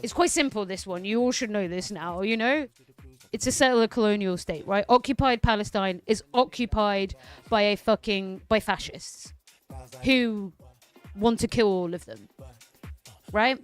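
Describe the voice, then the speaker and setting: A woman's voice: medium pitch, measured pace, soft background music. A woman streamer ranting through casual political commentary, heated and profane.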